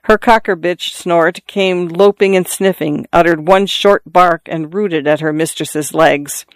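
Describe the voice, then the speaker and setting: A man narrates a novel in a measured, even manner. His voice is smooth and resonant and sits somewhat high for a man. The sound is dry and close, with no room around it. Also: dry recording. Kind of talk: scripted audiobook narration.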